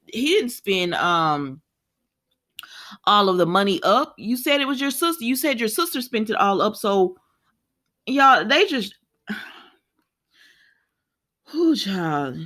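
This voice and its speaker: A woman casually chatting to her viewers as she recaps a soap opera, animated and often laughing. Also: a little high, unhurried, pauses often. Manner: frequent laughter and sighs. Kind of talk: casual chat.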